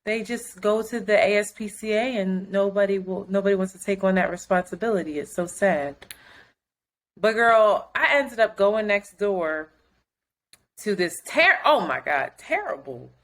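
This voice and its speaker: A woman co-host tells a story in casual, profane chat, slipping into acted quotes of other people. Her pitch sits in the middle for a woman. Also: expressive, normal speed, a bit bright. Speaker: podcast co-host.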